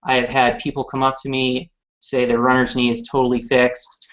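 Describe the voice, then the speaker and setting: A man's voice: mid-range voice, completely flat delivery, moderate pace, a bit bright. Upbeat casual man in his thirties. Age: 30s. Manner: upbeat, casual, lots of fillers. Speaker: company representative. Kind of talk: live-streamed product chat. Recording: dull lo-fi stream audio.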